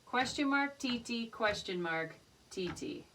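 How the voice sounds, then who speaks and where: A woman's voice: on the high side, lively intonation, unhurried. A woman teaching a rhythm lesson, singing short phrases and then speaking the rhythm syllables. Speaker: music teacher. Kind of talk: rhythm lesson with sung examples. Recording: distant mic with loud background noise.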